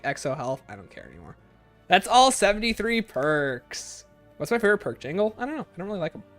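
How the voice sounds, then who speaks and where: A man chatting casually on a gaming livestream, answering viewer comments and reeling off long lists in quick succession. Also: a bit bright. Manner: rapid-fire listing, sliding up and down in pitch.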